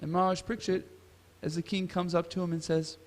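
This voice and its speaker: Male class speaker, somewhat high voice, storytelling scripture class, long hall reverb. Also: flat delivery, fast. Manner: asks the audience questions. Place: temple hall.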